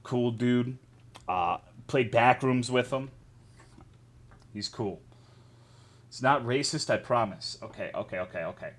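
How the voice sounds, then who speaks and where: A man's voice: medium pitch, unhurried, pauses often. Profane joking male streamer. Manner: profane, joking, greets chat by name. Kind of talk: casual live-stream chat.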